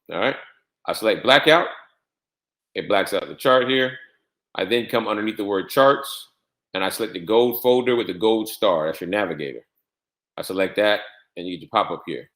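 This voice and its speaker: A man with a fairly low voice walks through a software setup. He repeats key steps and spells out letters one by one. His voice echoes around the room. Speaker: trading software instructor. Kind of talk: screen-share tutorial walkthrough.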